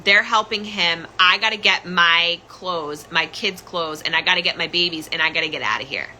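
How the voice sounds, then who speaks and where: Woman recounting her own story, really bright sharp tone, urgent and raw, faint hiss behind. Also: fairly low pitch, moderate pace, rough recording. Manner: urgent, candid, with frequent restarts. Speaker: podcast host telling her own story. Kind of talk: personal storytelling.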